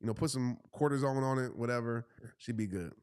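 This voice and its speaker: A man, telling a story in a casual, animated way and jumping into high voices for the people he quotes. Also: a little fast, clear, resonant tone, dry recording, studio quality. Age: 30s. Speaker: host.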